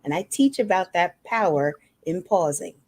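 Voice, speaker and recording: A woman's voice: lowish voice, lively intonation, moderate pace, a little mellow, breathy edge. A woman guest in a podcast interview, a motivational speaker telling her personal story in an earnest way and acting out remembered conversations. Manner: earnest, acts out remembered dialogue.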